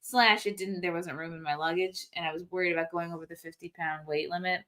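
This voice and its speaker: A woman hosting a casual chat from a hotel room, joking with friends and hyping a show in a deadpan way. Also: lowish voice, fast, a crowd in the background. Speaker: podcast host.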